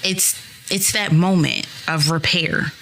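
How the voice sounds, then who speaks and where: A woman in her thirties talks straight to her listeners in a solo podcast, earnest and reassuring. Her voice sits a little low for a woman. Faint ambient noise hums behind her. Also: fairly even intonation, slow pace, a bit bright. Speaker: podcast host.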